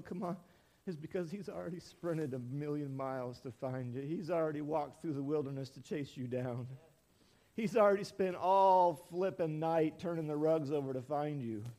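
A male pastor in his forties preaching a storytelling sermon in a church, acting out quotes as he goes. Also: fairly high pitch. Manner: animated storytelling, acts out quotes.

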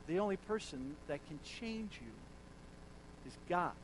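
A man with a fairly high voice preaches in an unhurried, deliberate way. He sinks to quiet, intimate phrases and then climbs into loud, emphatic declarations. A faint rumble hums in the background. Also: lively intonation. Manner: swings from hushed lows to loud, emphatic declarations. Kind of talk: sermon.

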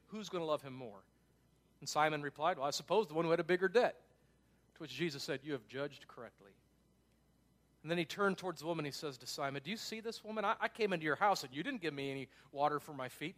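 A male pastor preaching a sermon in a conversational way, dropping to hushed tones and then rising to emphatic urgency. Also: on the high side. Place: church.

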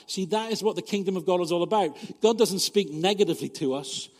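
Chatty pastor preaching in a ringing hall. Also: male voice, sits high, quick pace, few pauses, darkish tone. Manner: conversational and humorous, full of rhetorical questions. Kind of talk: sermon.

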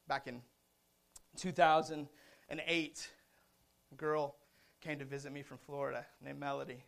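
High-voiced preacher swinging loud to hushed. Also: male voice, level tone, normal speed, creaky, pauses often. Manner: repetitive, rhythmic delivery with emphatic refrains. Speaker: pastor. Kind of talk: sermon.

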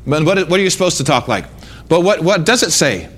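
A man preaching a sermon in church, emphatic and repetitive, now and then breaking into shouts. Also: a little high, very animated, fairly quick. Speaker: pastor. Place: church sanctuary.

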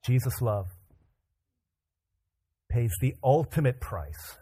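A man preaching a sermon, animated, acting out the voices in the scripture with casual asides. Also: medium pitch, slow pace, slightly rough.

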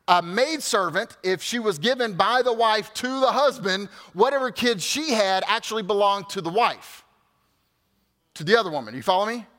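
A man preaching a sermon as pastor, in an animated, conversational way with asides to the congregation. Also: high-pitched, in a large hall.

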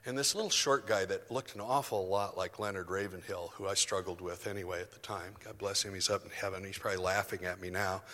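A man preaches a sermon in a bright, forceful voice, telling his story and then building to emphatic declarations. His words ring with long reverb through a church hall. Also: low-pitched, fairly even intonation, brisk, few pauses.

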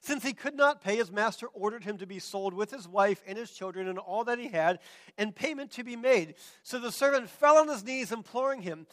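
A man preaching a sermon, animated and often acting out the voices of people he quotes. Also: high voice, brisk. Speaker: pastor.

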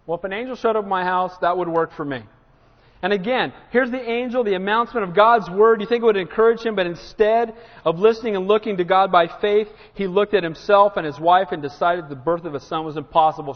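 A man preaching a sermon to a congregation, acting out quotes with lively bursts and asking "Amen?". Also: high-pitched, a little fast. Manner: animated, acts out quotes, asks congregation "Amen?". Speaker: pastor. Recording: dull sound with long hall reverb.

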